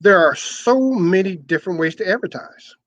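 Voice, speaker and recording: An older man's high-pitched, expressive voice carries this conversational interview about his long radio career as a former sales manager. He moves at a moderate pace, explaining at length and frequently repeating words as he restarts. The recording is dry and of poor quality.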